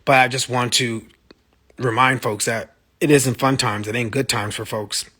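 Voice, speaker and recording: On a phone livestream, a male musician talks to his fans with blunt, profane passion, replying to comments as they pop up. His mid-range voice holds a steady tone at normal speed, sounding pushed, bright and husky. It's a casual monologue.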